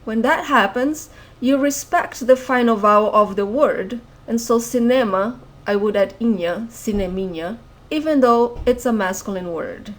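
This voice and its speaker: A woman's voice: on the high side, a little slow. A young Brazilian woman with a Brazilian accent teaching an online language lesson, patiently repeating example words.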